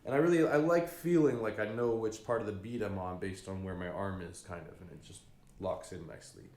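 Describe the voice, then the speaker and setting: Low-voiced man teaching fiddle bowing. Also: a little mellow. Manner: casual, unhurried, frequent ums, sings bowing rhythms. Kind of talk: relaxed spoken music lesson. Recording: echoey room with fiddle playing.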